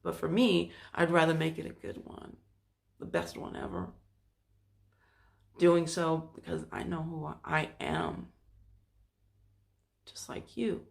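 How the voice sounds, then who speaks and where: This creaky mid-range voice has a fairly bright tone. The spiritual self-help channel host wanders through a casual monologue, restarting phrases loosely and slipping into quoted voices now and then.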